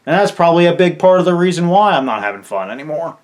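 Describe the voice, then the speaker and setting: A man's voice: a little high, very animated, fast talker. A gaming content creator venting in an angry farewell rant, swearing and stumbling over his words.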